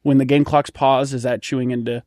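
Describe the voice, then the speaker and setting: A man's voice: mid-range voice, level tone, brisk, darkish tone, dry recording, clean studio sound, lightly acted. A man playing a flustered rookie commentator. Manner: rambling, apologetic, interrupting. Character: jittery rookie male sports commentator. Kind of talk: improvised comedy sketch.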